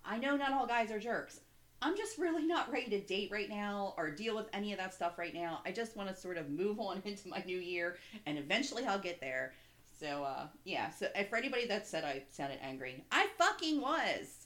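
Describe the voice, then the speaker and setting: A woman's voice: mid-range voice, lively intonation, brisk. Candid, rambling young woman, swearing freely. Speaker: podcast co-host. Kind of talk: casual chat.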